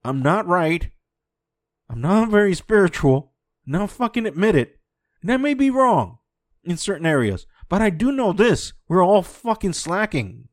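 A man delivers an impassioned, profanity-heavy podcast rant in a somewhat high voice. He drifts from low, brooding remarks to raised, forceful outbursts. The recording is dry, with no room sound. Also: sing-song, moderate pace, no room sound. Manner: swings between quiet musing and raised voice. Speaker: podcast host.

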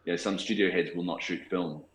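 Australian man, forties, low voice, hesitant interview talk, roomy echo. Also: steady tone, fast talker. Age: 40s. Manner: thoughtful, hesitant, many restarts and fillers. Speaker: cinematographer guest.

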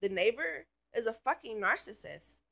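Bright-voiced woman ranting casually. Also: on the high side, lively intonation, moderate pace, vocal fry. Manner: rambling, filler-heavy, swears freely. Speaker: vlogger. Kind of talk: casual storytime rant.

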